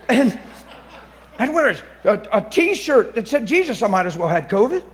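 A man preaching a testimony sermon, moving between hushed confiding and loud, excited preaching. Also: extremely high pitch, normal speed, a little hiss or hum. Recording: long reverberant hall.

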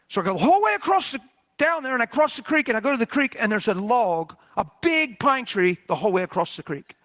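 In a high, bright voice, a man delivers a storytelling sermon at a fast clip. He's animated and full of jokes, his pitch swinging widely whenever he exclaims.

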